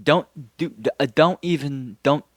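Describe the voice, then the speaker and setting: A man recapping a film in a casual, exasperated and sarcastic way, often pausing to ask "okay?". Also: fairly high pitch, no room sound. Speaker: movie reviewer.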